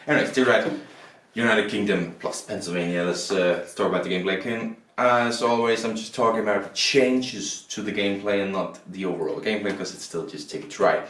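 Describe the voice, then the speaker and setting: Rambling low-voiced board game reviewer. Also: male voice, brisk, a bit bright, roomy sound, a little hiss or hum. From Denmark. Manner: rambling, self-correcting, repeats words. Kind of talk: casual review with rules walkthrough.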